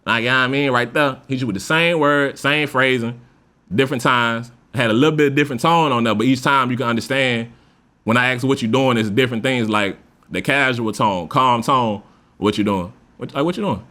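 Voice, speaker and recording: A man's voice: medium pitch, brisk. A man hosting a podcast, talking casually and loosely with lots of profanity, now and then acting out example voices. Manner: loose, profane, animated speaker who acts out example voices. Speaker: podcast host. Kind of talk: casual monologue.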